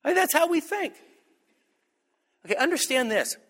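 A man preaching a sermon as pastor, animated and humorous, pushing his voice up to high emphatic peaks. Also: normal speed. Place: church sanctuary. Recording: long reverb of a church hall.

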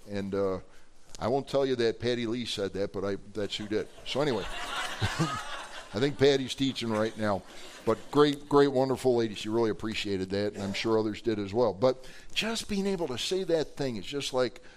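A man preaching a sermon, telling stories animatedly and rising to loud emphasis. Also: fairly low pitch, expressive, moderate pace, background noise.

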